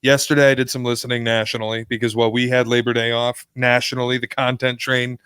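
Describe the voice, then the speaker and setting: A man co-hosts a sports podcast, trading wry, self-deprecating jokes in casual chat. His voice is smooth and clear at a middle pitch. The mic is close and dry. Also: level tone, fast talker, fairly bright tone, no echo. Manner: wry, self-mocking humor. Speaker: podcast co-host.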